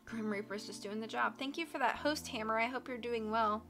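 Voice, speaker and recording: A woman reading a book aloud on a live stream, with expressive narration and casual asides to her chat. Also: a little high, a little fast.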